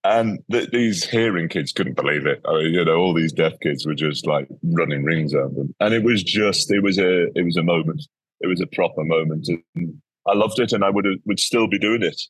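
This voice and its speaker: A man's voice: deep voice, brisk, slightly rough, no room sound. A man, a guest educator telling stories in a casual interview and acting out the people he quotes. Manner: animated storyteller, acts out quoted people.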